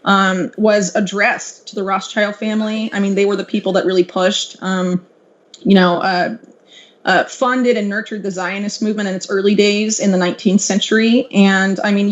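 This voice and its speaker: A podcast guest explains at length in a lecturing, filler-heavy manner. The voice sits at a middle pitch. The audio sounds dull and lo-fi. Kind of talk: casual podcast chat.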